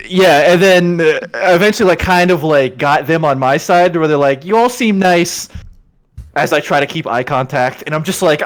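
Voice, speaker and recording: A young man hosting a podcast, telling a story in casual chat, animated and swearing freely as he acts out the voices of the people in it. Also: on the high side. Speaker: podcast host.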